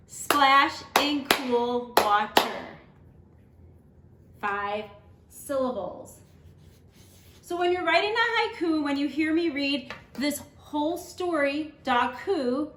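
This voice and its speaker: Woman teacher reading to kids, high voice, real slow and careful. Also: reverberant, background noise. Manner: slow and emphatic, clapping out syllables. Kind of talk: lesson and read-aloud for children.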